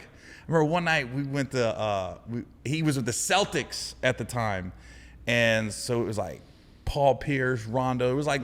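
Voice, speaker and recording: A man guest on a podcast, telling funny stories in a loud, animated way and acting out other voices. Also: mid-range voice, in a large hall. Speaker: comedian guest. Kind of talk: casual podcast storytelling.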